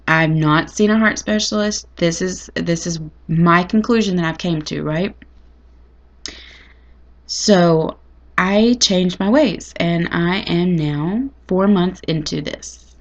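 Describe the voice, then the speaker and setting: A woman's voice: medium pitch, dull audio. A woman telling a personal story in a chatty, dramatic, folksy way. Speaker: vlogger. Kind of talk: casual storytelling to camera.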